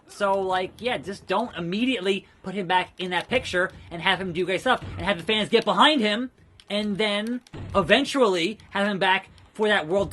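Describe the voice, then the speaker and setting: A young man commentating his own wrestling game playthrough, swinging between excitable dramatic outbursts and casual rants. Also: high-pitched. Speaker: gaming channel host. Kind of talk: let's play commentary.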